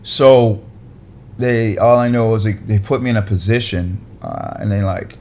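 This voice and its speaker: A man, a podcast guest who works as an actor and director, telling a lively anecdote and acting out other people's lines. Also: unhurried, a little hiss or hum. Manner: lively, acts out other people's lines with big pitch jumps. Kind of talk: animated storytelling anecdote.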